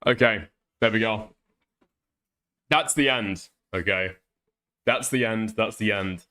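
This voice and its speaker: A man's voice: lowish voice, slow pace, bright, forceful tone. A man hosting a reaction commentary, talking in a profane, exasperated, mocking way. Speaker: commentary host.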